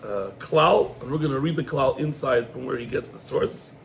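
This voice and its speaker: A man, a rabbi, giving a lively Torah class in sprinkled quotes. He acts out the dialogue and fires off rhetorical questions. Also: medium pitch, moderate pace, vocal fry, slight background noise.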